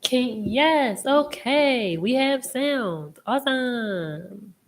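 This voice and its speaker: A woman's voice: a little high, expressive, drawn-out words, a little hiss or hum. A woman hosting a live tarot chat, talking casually in a rambling way, laughing often and swearing freely. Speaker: host and tarot reader.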